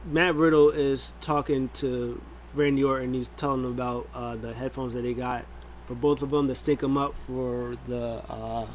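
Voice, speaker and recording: A man's voice: mid-range voice, a little hiss or hum. A man giving a casual, rambling recap of a wrestling show. He fills it with many fillers and acts out what people said.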